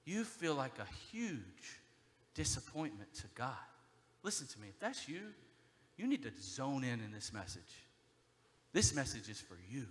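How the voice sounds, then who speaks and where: A man preaching a sermon as a pastor, moving between hushed, intimate passages and loud, driving emphasis, speaking from a church stage. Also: mid-range voice, sing-song, moderate pace, big-room sound. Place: church sanctuary.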